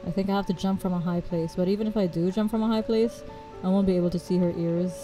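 A woman's voice: fairly low pitch, fairly even intonation, quick pace, over music, low-quality recording. A young woman streaming a video game, chatting casually and giggling, with lots of "like" fillers.

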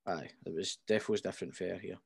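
Brief: twenties Scottish male guest, lower voice, hesitant and casual. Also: rapid-fire, creaky, slightly rough, dry recording. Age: 20s. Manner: hesitant, many fillers and restarts. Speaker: podcast guest. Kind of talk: casual storytelling.

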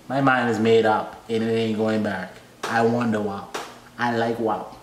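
A man hosting a reaction video in casual commentary, playful and teasing, with loud excited outbursts. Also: fairly low pitch, unhurried, slight background noise. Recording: echoey room.

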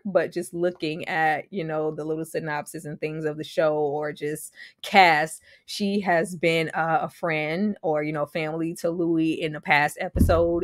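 Young woman, lowish voice, talky TV-recap energy with laughs and slangy asides, dry close-mic sound. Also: no echo. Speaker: TV episode reviewer. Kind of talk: casual recap and reaction.

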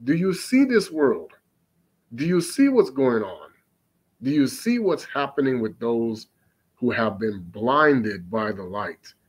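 A man preaching on scripture. He reads archaic passages aloud slowly, then breaks off to comment emphatically and fire off rhetorical questions. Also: mid-range voice, big pitch swings, breathy edge, rough recording. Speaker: religious teacher.

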